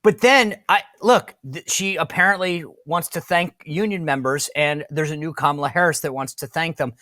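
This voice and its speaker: A man's voice: a little high, moderate pace, pushed and bright, no room sound. A man hosting a podcast, giving casual political commentary in an emphatic way and stumbling over repeated words when worked up. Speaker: podcast host.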